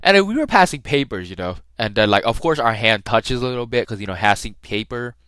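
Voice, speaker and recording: A man's voice: mid-range voice, lively intonation, fast, fairly bright tone, clean tone, no echo. A young man hosting a podcast, telling a story in a rambling, slang-filled way with many restarts. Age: young adult. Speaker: podcast host. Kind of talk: casual solo storytelling.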